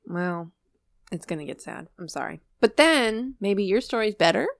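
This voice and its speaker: A young woman co-hosting a chatty podcast, her pitch swinging widely as she jokes and curses through banter. Her voice sounds close and dry. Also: lively intonation, moderate pace, gravelly, no echo. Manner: swearing, laughing, teasing banter. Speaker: podcast co-host. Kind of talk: casual chat.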